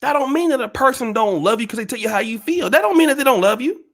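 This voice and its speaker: A man's voice: very high voice, animated, fast talker, a bit bright. A man hosting his own channel, ranting at viewers in an emphatic, profane, repetitive, preachy way. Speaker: channel host.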